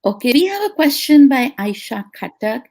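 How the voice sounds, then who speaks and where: A woman's voice: high-pitched, sing-song, normal speed, gravelly, darkish tone. A woman co-hosting a live online Q&A, reading out viewer questions and musing on them thoughtfully. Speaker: co-host reading audience questions.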